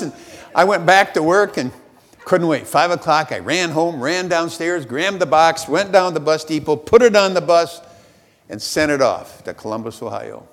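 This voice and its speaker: A man tells a self-mocking story to a convention crowd, and his voice sits high and swings widely in pitch. The sound carries the long reverb of a large hall. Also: sing-song, normal speed. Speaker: speaker at a sales convention. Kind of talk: motivational storytelling speech.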